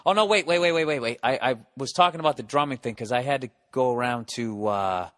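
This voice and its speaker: Speaking briskly at medium pitch, this middle-aged American podcast host works through a rambling comic monologue laced with profanity, alternating between loud rants and quiet, muttered asides.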